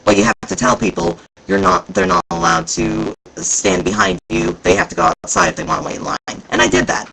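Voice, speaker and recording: A man vlogging casually about a convention, rambling and excitable, with plenty of fillers. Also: on the high side, a little fast, vocal fry, few pauses, noisy background. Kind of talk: casual chat recounting events.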